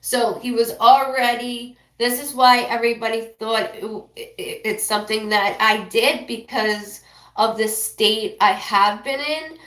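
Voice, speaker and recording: A woman doing a live psychic reading who rambles, apologizes often and passes on messages in quick bursts. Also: on the high side, fairly even intonation, fairly bright tone, roomy sound. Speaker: psychic medium.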